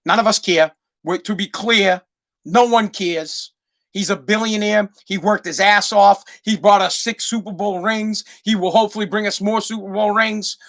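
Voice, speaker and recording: A man's voice: sits high, fairly even intonation, moderate pace, a bit bright. A man from Massachusetts hosting a solo podcast, rambling through a profane comic rant and repeating himself as he goes. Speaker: podcast host.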